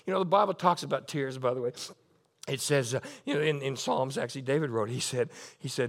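A middle-aged man preaches with a high, ringing voice that stays unusually high for a man. He moves from fervent exhortation into soft, tearful tenderness, with short laughs between lines. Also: a little fast. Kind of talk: sermon.

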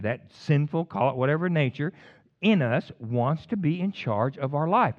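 A man's voice: on the high side, lively intonation, moderate pace, lo-fi sound. A man preaching a sermon in a fired-up, rambling way, with jokey asides and sudden bursts of emphasis.

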